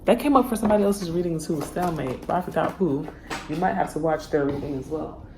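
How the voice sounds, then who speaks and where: A woman's voice: low voice, quick pace, noisy background. A woman giving a casual tarot reading straight to her viewers, chatty and full of slang. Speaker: tarot reader.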